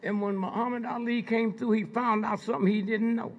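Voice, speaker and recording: An older man telling stories to a live audience, prodding listeners with repeated "Hmm?" and "Huh?" between pointed pauses. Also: sits high, fairly even intonation, muffled recording. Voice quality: gravelly, husky. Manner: slow, drawn-out delivery with pointed pauses. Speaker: speaker addressing an audience. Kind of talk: storytelling lecture to a live audience.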